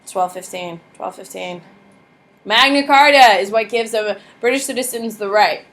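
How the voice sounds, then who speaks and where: A woman from the United States teaching a class history lecture, lively and blunt, asking the class many rhetorical questions. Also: mid-range voice, normal speed.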